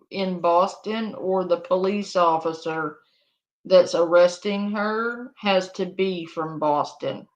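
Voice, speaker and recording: Woman, live reaction commentary, amused, unhurried delivery, lo-fi sound. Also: fairly low pitch. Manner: amused, laughs often. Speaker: streamer reacting to videos.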